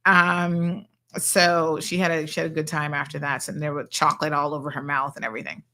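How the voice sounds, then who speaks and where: A woman's voice: deep voice, level tone, brisk, bright, forceful tone, a little hiss or hum. Chatty woman hosting radio. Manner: chatty, playful, reads out listener messages. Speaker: radio show host. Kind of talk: casual chat with listeners. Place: radio studio.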